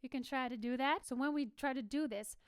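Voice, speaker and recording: A woman's voice: high-pitched, fairly quick, clean tone, no room sound. A young woman, teaching a singing lesson and stopping to demonstrate sounds herself. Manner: demonstrative, switching between explaining and sung or spoken examples. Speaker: vocal coach.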